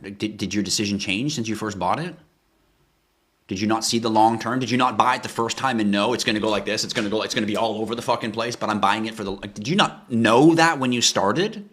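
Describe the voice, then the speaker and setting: A man's voice: lowish voice, fast talker, fairly bright tone, slightly rough. A man hosting a crypto livestream, ranting passionately with rhetorical questions and frequent swearing. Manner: rhetorical questions, pleading with viewers. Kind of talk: casual livestream talk.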